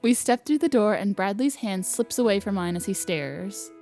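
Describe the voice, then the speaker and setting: A woman's voice: mid-range voice, lively intonation, moderate pace, dark tone, soft background music. A woman reading a visual novel aloud for a let's play, narrating evenly in first person. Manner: reads narration evenly, laughs between lines. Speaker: let's player.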